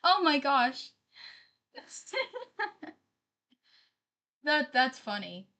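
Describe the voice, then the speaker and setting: A woman streamer talking to her live chat in a loose, casual way. Her voice sits a bit high for a woman, and she keeps apologizing and reading viewers' messages out loud. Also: sing-song, drawn-out words. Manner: chatty, apologetic, reads chat aloud.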